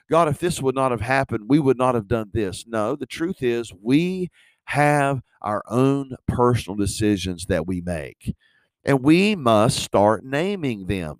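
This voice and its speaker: An earnest male preacher delivers a sermon, repeating his points and pressing hard on the words that matter. His voice sits mid-range for a man and the recording is dry and close, with no room echo. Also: mid-range voice. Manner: earnest, repetitive, rising to emphatic stresses.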